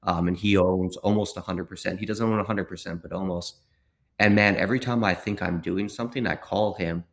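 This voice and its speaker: A male podcast guest with a deep, low voice speaks casually and enthusiastically. He tells anecdotes, often filling his sentences with "like" and "man.". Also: steady tone, fairly quick. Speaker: podcast guest, business owner. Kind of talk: casual conversational interview.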